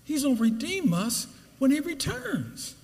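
A man's voice: huge pitch swings, a little slow, gravelly, a little mellow, big-room sound. A man preaching a sermon as pastor, building with emphatic repeated phrases. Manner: preaching with rising pitch and emphatic repetition.

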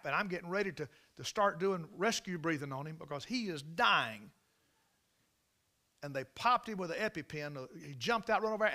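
A man preaching a sermon through a dramatic story, swinging between loud outbursts and hushed passages. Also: high-pitched.

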